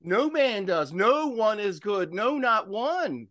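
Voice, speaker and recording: A man's voice: sits high, big pitch swings, slow, fairly bright tone, dry recording. A man preaching in conversation, emphatic and exhorting, with frequent "listen" and "okay".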